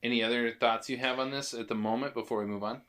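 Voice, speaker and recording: A man on a movie podcast talks in a laid-back, wry way. His medium-pitched voice has a bright, forward edge to it. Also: fairly even intonation. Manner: laid-back, wry, quick agreeing interjections. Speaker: podcast co-host. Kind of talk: casual chat about movies.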